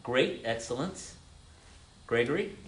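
A man's voice: mid-range voice, animated, slow. A man preaching an interactive sermon to a congregation, calling on listeners by name, repeating their answers, and often restarting his words. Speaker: pastor teaching a congregation.

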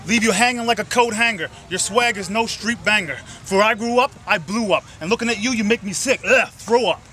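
A man's voice: sits high, fairly quick, sharp tone, a little hiss or hum. A man in a freestyle rap battle, rhyming in an aggressive, taunting, profane way at an outdoor park event. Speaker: battle rapper.

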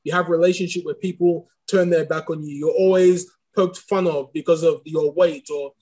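A man's voice: a little high, fairly even intonation, moderate pace, dark tone. A man with a speech impediment, a podcast guest giving long, reflective answers and thinking aloud. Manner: rambling, thinks aloud with restarts.

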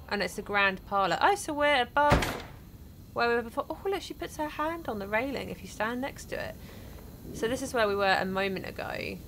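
A woman's voice: a little high, noisy background. A woman chatting casually as she plays a horror game, joking with herself. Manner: chatty, self-mocking. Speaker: gameplay streamer. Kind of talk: casual let's-play commentary.

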